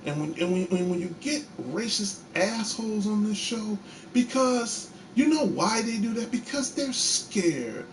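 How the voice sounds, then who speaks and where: A man's voice: sits high, moderate pace, a little hiss or hum. A man from Chicago hosting a live show from his bedroom, ranting in an angry, defiant and profane way and repeating himself. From Chicago, USA. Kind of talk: heated livestream rant.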